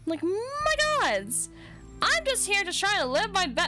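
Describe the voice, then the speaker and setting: A young woman streamer with a very high voice and big pitch swings chats casually at normal speed over music while rigging a model. She rambles, swears, and restarts a lot.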